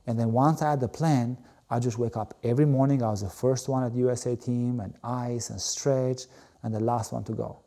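A middle-aged man from Albania, speaking English as a second language, recounts his story as an interview guest. His voice is warm and mellow, sitting in a middle register. He talks animatedly and leans on "you know" and similar fillers. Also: mid-range voice, steady tone, fairly quick. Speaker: guest, former Olympic volleyball player.

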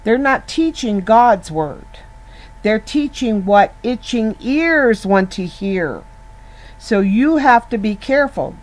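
A woman's voice: fairly high pitch, lively intonation, slow, rough recording. A woman giving an informal Bible teaching in an earnest, conversational way, often restarting and repeating words as she goes.

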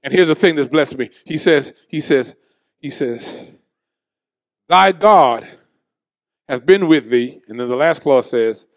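A man's voice: fairly high pitch, animated, measured pace, long pauses, no echo, clean studio sound. A man preaching a sermon in a church, calling on the congregation to answer back. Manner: shouting preacher with call-and-response. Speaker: pastor. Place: church sanctuary.

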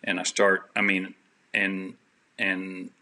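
A man's voice: deep voice, monotone, takes it slowly, pushed and bright. A man who is a podcast guest, telling a personal story with faith at its heart in an earnest, rambling way, with many restarts.

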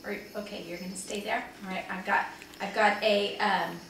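A second-grade teacher, a woman, reading a chapter book aloud to her pupils as an expressive storyteller. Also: medium pitch, moderate pace, creaky, background noise. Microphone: camera held by a small child. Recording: echoey room, voice from far off the mic.

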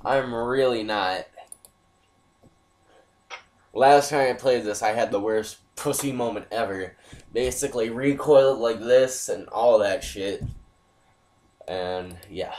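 A man's voice: mid-range voice, unhurried, darkish tone. A man hosting a game playthrough video, chatting loosely with plenty of swearing and apologies. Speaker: gaming channel host. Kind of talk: casual gameplay commentary.

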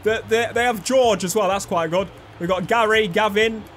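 A young man giving cheeky, sweary, excitable commentary while playing a video game. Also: high voice, moderate pace, slight background noise. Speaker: gaming YouTuber. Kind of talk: casual gameplay commentary. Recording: game music playing underneath.

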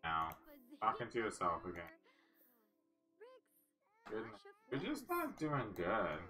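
A woman's voice: very deep voice, wildly swooping pitch, slow pace, pushed and bright, faint music behind. A woman giving casual let's-play commentary, chatty and cooing at the game characters. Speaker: gaming channel host.

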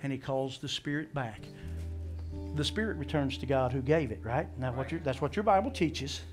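A man preaching a sermon as pastor, animated, acting out scripture voices and asking the congregation questions. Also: medium pitch, moderate pace, over music.

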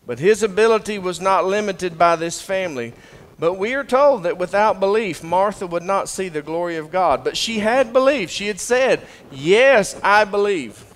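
A man preaching a sermon as pastor, swinging between loud proclamation and hushed intensity. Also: sits high. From Southern US. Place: church sanctuary. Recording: long reverb of a church hall.

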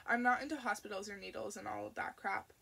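A woman's voice: mid-range voice, steady tone, fast, creaky, a bit bright, breathy edge, exaggerated voice. A woman voicing an anxious, chatty grandmother who talks in a fluttery way.

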